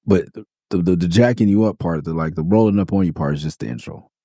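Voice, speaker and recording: Middle-aged male podcast host from Los Angeles, very low and dark-toned, telling profane street stories casually. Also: quick pace, dry recording, studio quality. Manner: loose, profane storytelling with acted-out quotes. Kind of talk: casual storytelling monologue.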